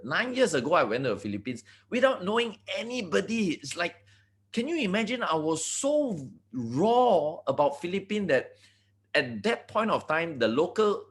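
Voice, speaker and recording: A middle-aged man from Malaysia with a Malaysian accent, giving an animated motivational talk full of stories and "you know" asides over a video call. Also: fairly high pitch. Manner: animated storytelling, frequent restarts and "you know". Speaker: guest speaker.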